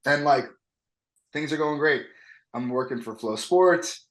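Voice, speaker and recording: Animated storytelling man in an echoey room. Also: fairly high pitch, unhurried. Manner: animated, acts out quoted voices. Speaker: wrestling coach. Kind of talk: casual interview talk, lively storytelling.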